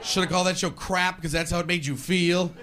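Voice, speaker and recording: A man doing a ranting, animated stand-up comedy set on a live stage. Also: high-pitched, brisk. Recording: live club with audience noise.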